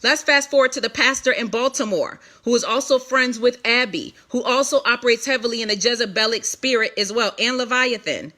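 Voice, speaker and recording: A woman's voice: on the high side, pushed and bright. A woman giving a candid, emphatic testimony to viewers, with many restarts and repeated phrases. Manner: emphatic, repetitive, quick restarts. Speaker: ministry leader speaking to an online audience.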